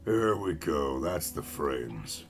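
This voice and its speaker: A man's voice: extremely low pitch, big pitch swings, slow pace, soft background music. A young American man chatting casually with viewers while playing a game, rambling and self-mocking. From United States. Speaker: gaming streamer.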